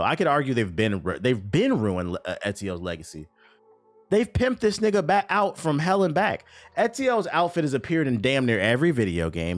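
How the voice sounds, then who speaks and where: A man giving blunt, profanity-filled reaction commentary on gaming news, mocking what he reads aloud. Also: on the high side. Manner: blunt, animated, swears freely, mocks what he reads.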